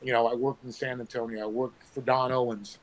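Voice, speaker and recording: A former pro wrestler telling animated stories with sound effects, talking on his phone from work. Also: medium pitch, fairly quick, poor audio. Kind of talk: casual storytelling.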